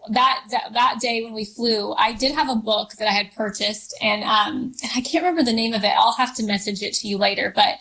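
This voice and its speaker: Woman guest, slightly high voice, rambling story, lots of um and you know. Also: fairly quick, few pauses, fairly bright tone, rough recording. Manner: rambling, many fillers and restarts. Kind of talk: personal storytelling in an interview.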